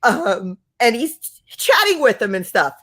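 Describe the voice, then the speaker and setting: Lively giggly woman telling a story. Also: on the high side, a little slow. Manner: animated, giggly storyteller who acts out quotes. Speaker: podcast co-host. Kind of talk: casual storytelling.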